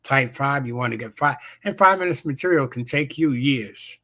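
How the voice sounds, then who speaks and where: A man's voice: medium pitch, normal speed, pushed and bright. A man hosting a talk show, chatting casually with many fillers and restarts. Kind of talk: casual promo chat.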